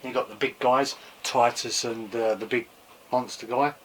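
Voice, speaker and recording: This man's mid-range voice, at normal speed, is fraying and a bit hoarse while he excitedly runs a casual toy collecting show. His show-and-tell chat is full of gushing, repeated exclamations and the odd swear word. Heard from a distant mic, he sits slightly back with faint room noise around him.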